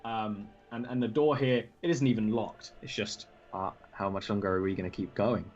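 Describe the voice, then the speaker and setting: A man running a tabletop game as game master, describing scenes in a relaxed, rambling way full of fillers and restarts. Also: lowish voice, moderate pace. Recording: dull lo-fi voice call audio.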